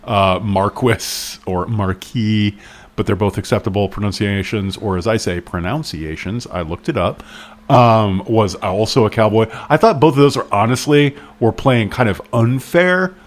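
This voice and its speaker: A man's voice: lowish voice, normal speed. A man co-hosting a casual book podcast, wry and self-deprecating as he picks apart a mystery novel. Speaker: podcast co-host.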